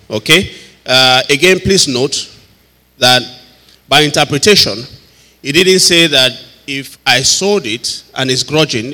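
Man, pastor, Bible study sermon, bright voice, echoey hall, chatty, laughs a lot. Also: on the high side. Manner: laughs often, checks in with listeners constantly. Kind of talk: conversational sermon teaching.

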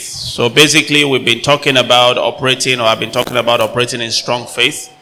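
A male pastor preaching a sermon, calling for amens from the congregation and loudly acting out voices from the story. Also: medium pitch, fairly quick, hardly any pauses. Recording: long hall reverb with faint noise.

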